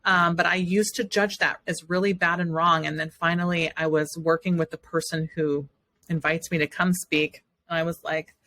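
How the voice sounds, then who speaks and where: A woman's voice: on the low side, level tone, moderate pace, fairly bright tone, a little hiss or hum. A woman hosting a podcast, talking in an earnest, encouraging way in a motivational monologue. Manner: earnest and encouraging, speaking in affirmations. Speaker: podcast host.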